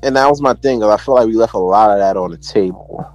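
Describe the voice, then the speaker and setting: The recording is muffled, and the man's voice is fairly low and a little mellow, though he talks fast. As a music producer in an interview, he tells stories casually, using lots of slang and "you know what I'm saying."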